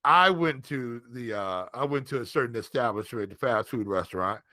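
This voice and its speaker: A man's voice: medium pitch, expressive, normal speed, sharp tone, no echo, clean studio sound. A man co-hosting a sports podcast, teasing his partner and rambling through a funny story. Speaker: podcast co-host. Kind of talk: casual sports podcast banter.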